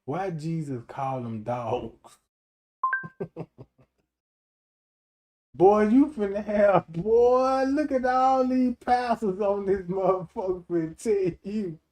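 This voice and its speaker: A man doing a loud comedic livestream rant, animated and profane, laughing often and acting out quotes in different voices. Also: high voice, takes it slowly, long pauses. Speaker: streamer.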